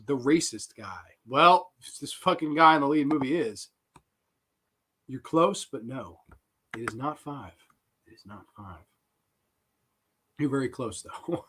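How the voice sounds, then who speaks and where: A man hosting a live horror trivia stream, reading questions and reacting to chat answers with excitable, swearing banter. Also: mid-range voice, measured pace, long pauses, breathy edge. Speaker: host.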